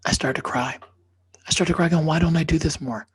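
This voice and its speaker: A man's voice: a little high, brisk, breathy edge. A man who is a podcast guest and author, telling a personal story emphatically, sometimes dropping into a whisper for effect.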